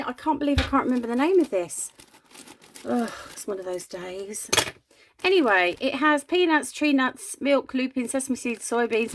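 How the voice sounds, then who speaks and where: A woman hosting a casual crafting vlog from her home craft room, chatty and giggly, a little breathy from asthma. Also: on the high side, slight background noise. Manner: chatty, giggly, rambling with many ums. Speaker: craft channel host.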